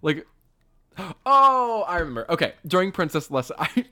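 Lively woman with a bouncing voice. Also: fairly low pitch, moderate pace. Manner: laughing, lively, quotes lines in mock voices. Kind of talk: casual chat.

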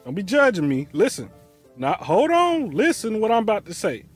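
Animated, swearing man ranting on camera. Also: sits high, normal speed, slightly rough, faint music behind. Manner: loud, animated, swearing freely. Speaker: host. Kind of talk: profane reaction commentary.

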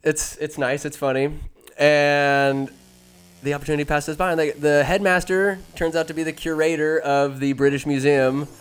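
A man's voice: a little high, little pitch movement, normal speed, clear, resonant tone. A man giving a rambling comic movie recap, full of jokey asides and self-interruptions.

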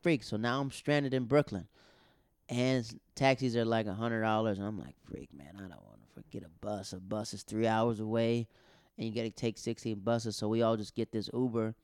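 A man's voice: on the low side, moderate pace, clear, resonant tone, no echo, clean studio sound. A young man, a stand-up comedian from the American South, casually recounting his week of gigs and acting out the quotes. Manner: loose, animated retelling with acted-out quotes. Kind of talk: casual storytelling monologue.

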